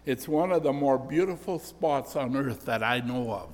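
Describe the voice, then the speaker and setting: A man's voice: medium pitch, lively intonation, moderate pace, a little mellow. An older man preaching a sermon, telling personal stories in an earnest, storytelling way. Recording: echoey church hall reverb.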